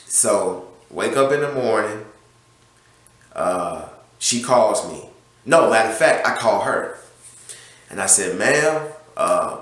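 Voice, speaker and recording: A man's voice: lowish voice, sharp tone. A man, owner of a small car wash business, casually telling a story about a customer, rambling with many fillers and restarts. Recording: very echoey room.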